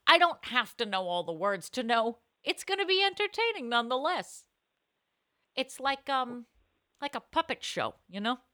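A woman co-hosting a podcast, telling animated, self-mocking stories in casual chat. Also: a little high, moderate pace, no echo. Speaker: podcast co-host.

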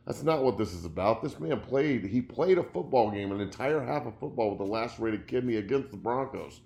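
Ex-pro football player, middle-aged, hosting a sports talk show solo in his studio; mid-pitched, heated and profane. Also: lively intonation, brisk, vocal fry, darkish tone. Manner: impassioned, profane, voice rising when upset. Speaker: podcast host, former pro football player. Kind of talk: emotional sports talk monologue. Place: home studio.

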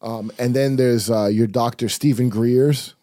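A man hosting a podcast in casual comedic chat, animated and profane as he riffs. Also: mid-range voice, unhurried, dry recording, studio quality. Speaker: podcast host. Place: podcast studio.

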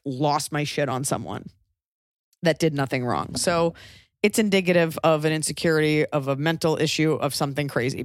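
Woman, 30s, advice co-host: blunt, emphatic, swears freely, mid-pitched, dry close mic. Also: no echo. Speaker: podcast co-host giving advice. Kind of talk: casual advice chat.

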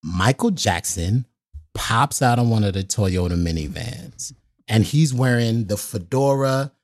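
Lively man telling an animated story. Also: on the low side, measured pace, no echo, studio quality. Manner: lively, acts out voices, says "right?" a lot. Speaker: guest actor.

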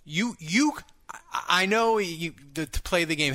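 Guy hosting a sports chat, lively up and down voice, dead dry mic. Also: high-pitched, no room sound. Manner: animated, quick asides, repeats words. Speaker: podcast host.

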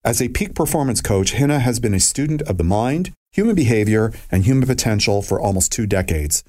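A man's voice: mid-range voice, animated, fairly quick, mellow. A man hosting a talk show, interviewing a guest in casual banter with a jokey, self-mocking manner. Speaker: radio show host.

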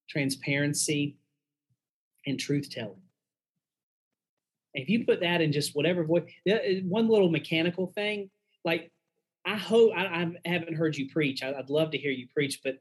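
A man's voice: fairly high pitch, slightly rough, rough recording. A man, a pastor and guest, giving frank, earnest advice in a casual conversational way.

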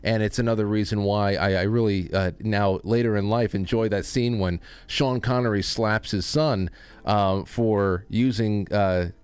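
A man's voice: fairly low pitch, steady tone, measured pace, clean tone, dry recording. A man hosting a casual talk show, rambling and joking with frequent restarts. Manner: rambling, restarts often, jokey. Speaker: host. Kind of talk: casual chat.

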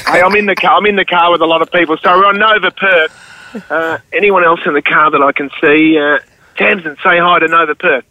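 A man's voice: on the high side, steady tone, brisk, bright, forceful tone, highs cut off. A sports presenter joking and laughing as he chats on the radio from a car. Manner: joking, self-mocking, laughs often. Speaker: sports presenter calling in from abroad. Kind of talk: casual radio chat.

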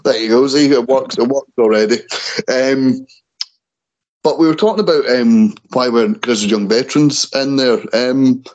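A man's voice: mid-range voice, normal speed, darkish tone, dull audio. A man hosting a casual wrestling chat podcast, tripping and restarting over names. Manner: stumbles and repeats words on names. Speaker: podcast host.

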